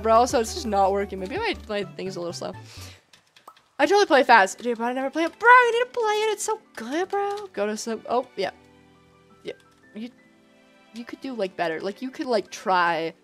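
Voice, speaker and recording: A young woman with a high, bright voice chats and giggles her way through a live gaming stream, talking straight to her viewers. Faint game music plays under her voice. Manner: giggly, chatty, talks straight to chat, calls people bro. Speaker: livestreamer.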